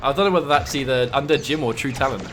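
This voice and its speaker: A man doing live commentary on a fighting game tournament, excitable and prone to loud shouts. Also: mid-range voice, fast talker, a little hiss or hum. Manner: excitable, breaks into loud shouts at big moments. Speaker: esports commentator.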